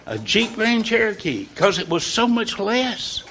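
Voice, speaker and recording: A man leading an informal morning devotional in a folksy, conversational way, pausing on purpose for emphasis. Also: high-pitched, sing-song, pushed and bright, slight background noise. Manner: folksy and conversational, with deliberate pauses. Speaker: devotional leader.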